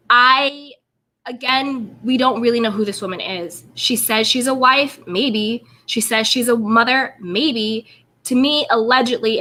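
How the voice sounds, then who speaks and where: Bright, emphatic woman host. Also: a little high. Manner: emphatic, repetitive, fills with "like". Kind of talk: casual commentary and interview.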